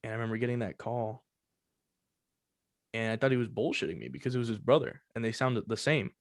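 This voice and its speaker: A man's voice: mid-range voice, fairly even intonation, quick pace, dry recording, studio quality. A young man hosting a podcast, telling a personal story in casual, profane chat full of fillers. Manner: loose and profane, many fillers. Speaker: podcast host.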